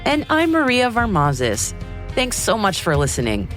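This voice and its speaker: A woman's voice: medium pitch, wildly swooping pitch, normal speed, a bit bright, soft background music. Upbeat American woman hosting a podcast. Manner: upbeat, playful asides. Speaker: podcast host. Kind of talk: scripted news reading.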